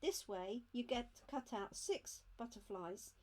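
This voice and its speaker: A woman talks through a craft unboxing in a measured, unhurried way. Her voice sits a little high, and she chats casually as she explains each item, recorded at home on a desk mic. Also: animated, a little mellow. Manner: chatty, explains step by step while handling items. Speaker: craft demonstrator. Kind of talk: live craft unboxing demo.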